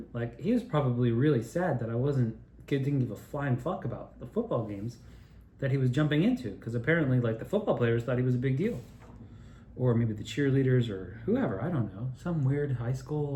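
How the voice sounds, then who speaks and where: A man telling rambling childhood stories in a profane, digressive, animated way while sipping beer. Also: medium pitch, roomy sound, slight background noise. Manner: drinking beer while talking. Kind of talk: rambling personal storytelling monologue.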